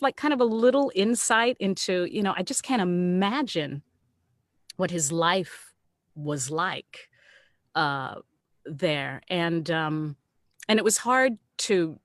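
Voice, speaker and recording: A woman's voice: fairly low pitch, no echo, studio quality. A woman actor, a guest on an online video-call talk, telling stories casually with frequent laughs and restarts. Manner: lively, laughing often, with many restarts. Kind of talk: casual storytelling on an online salon.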